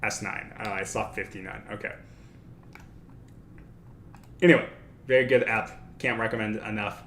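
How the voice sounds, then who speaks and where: A man's voice: on the low side, fairly even intonation, a little fast, a bit bright. A man hosting a casual study livestream, thinking aloud and correcting himself as he talks. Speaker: livestream host. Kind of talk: casual study-stream talk. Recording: echoey room with faint noise.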